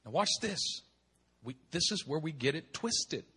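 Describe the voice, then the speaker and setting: A middle-aged male pastor preaching a sermon with impassioned emphasis, swinging from hushed tones to shouting and repeating words for effect. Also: fairly high pitch, lively intonation, normal speed, breathy edge. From United States.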